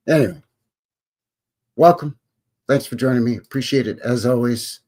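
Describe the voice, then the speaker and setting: A man's voice: medium pitch, animated, normal speed, vocal fry, pauses often, darkish tone, slightly rough. A man from Alberta hosting a casual live stream, greeting chatters with folksy cowboy talk. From Alberta, Canada. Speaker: livestream host.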